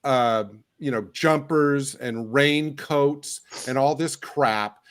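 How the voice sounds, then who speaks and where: A man co-hosting a podcast in casual discussion, opinionated and halting with frequent fillers. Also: mid-range voice, smooth. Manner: opinionated, hesitant with many fillers. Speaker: podcast co-host.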